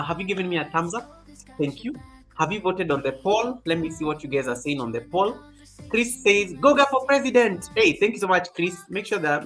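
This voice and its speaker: With a bright, forceful voice on the high side, a man hosts a livestream and chats informally. He greets viewers by name and keeps repeating his phrases, and faint music can be heard behind him.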